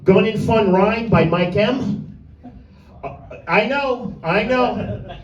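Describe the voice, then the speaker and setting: A man's voice: high voice, takes it slowly, highs cut off. A male stand-up comedian doing a crude, rambling set and talking straight at a small crowd. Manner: brash, vulgar, rambling with crowd asides. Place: small comedy room with few people. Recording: echoey room, mic from a distance.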